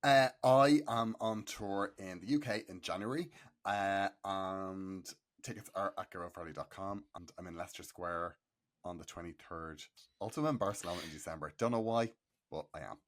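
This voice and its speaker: An Irish man chiming in on a comedy podcast with dry, wry asides. His voice sits somewhat low for a man. He speaks in a casual, unhurried way.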